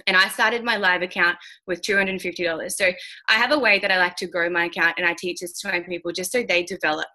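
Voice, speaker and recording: A woman's voice: lowish voice, steady tone, quick pace, pushed and bright. A woman speaking as a guest on a call. She talks frankly and bluntly, swears now and then, and uses many fillers. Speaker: guest speaker mentoring traders. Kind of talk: candid motivational talk on a call.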